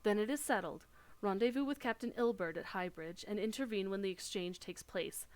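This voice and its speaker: A woman's voice: mid-range voice, darkish tone, close to an everyday voice. Woman reading as a formal military commander. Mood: earnest. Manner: formal, measured. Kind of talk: reading game dialogue aloud.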